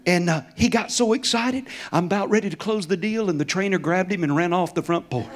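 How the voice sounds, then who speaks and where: In a church sanctuary, a guest preacher, a middle-aged man whose voice sits high, tells stories fairly quickly over some background noise. His sermon is folksy and full of chuckles.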